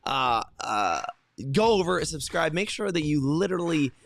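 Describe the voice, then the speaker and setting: A man with a slightly high, gravelly voice hosts a morning motivational livestream at a brisk pace. He addresses viewers directly and energetically, with lots of fillers and restarts.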